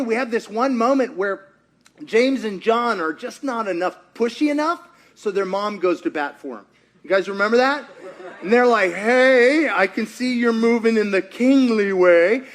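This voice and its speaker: A middle-aged man preaching with a high, bright voice. He tells the story with energy, acts out each character's lines and keeps asking the congregation questions. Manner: animated storyteller, acts out quotes, asks the audience. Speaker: pastor. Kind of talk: sermon.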